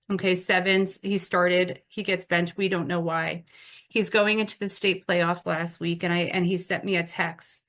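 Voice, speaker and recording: A woman's voice: on the low side, sharp tone. A woman in her forties giving an earnest, emotional testimony talk as a conference speaker, stumbling and restarting as she tells her story. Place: conference stage.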